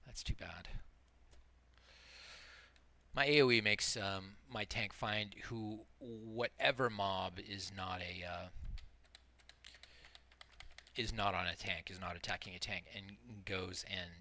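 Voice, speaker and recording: A man's voice: on the low side, slow, pauses often, pushed and bright. A middle-aged man giving casual, rambling gameplay commentary as a streamer, explaining tactics as he plays and poking fun at himself. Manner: rambling, explains tactics while playing, self-deprecating. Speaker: multiboxing game streamer.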